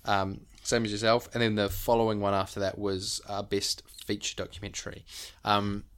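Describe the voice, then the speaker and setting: A low-pitched man co-hosts a casual podcast. He rambles eagerly from topic to topic, padding his talk with fillers and restarts. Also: monotone, moderate pace, fairly bright tone, clean tone. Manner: rambling, enthusiastic, many fillers. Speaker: podcast co-host.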